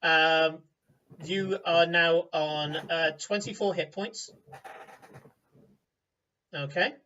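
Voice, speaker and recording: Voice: medium pitch, fairly even intonation, drawn-out words, sharp tone. A game master narrating a tabletop game with a rambling delivery full of fillers, recorded on a distant, dull mic.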